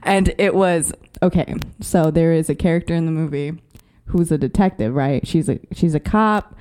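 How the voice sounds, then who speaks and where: Woman podcast co-host, lower-pitched, profane and animated storyteller, casual chat. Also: normal speed, clear, resonant tone. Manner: slangy, profane, laughing storyteller.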